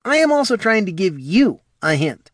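A man voicing a prim, curt mustached gentleman with a clipped, sharp-tongued way of talking. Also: high-pitched, sing-song, normal speed, dry recording, studio quality, voice pushed up, exaggerated voice. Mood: snappish.

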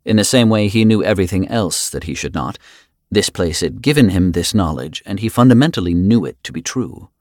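Deep guy reading an audiobook, really lively delivery, dry close sound. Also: brisk, dry recording. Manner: dramatic, expressive storytelling. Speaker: audiobook narrator. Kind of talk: scripted narration.

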